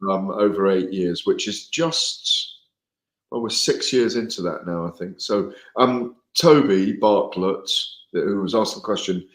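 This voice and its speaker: A man's voice: on the low side, unhurried, echoey room. A man chatting casually on a live show as a boxing journalist, rambling and correcting himself with amusement. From Wales.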